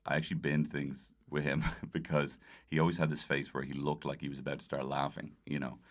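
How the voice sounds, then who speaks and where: A man with an extremely low, deep voice talks as a comedian guest on a podcast. He rambles, restarts his sentences and laughs often while he tells his stories. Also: flat delivery, a little fast. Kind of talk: casual podcast chat.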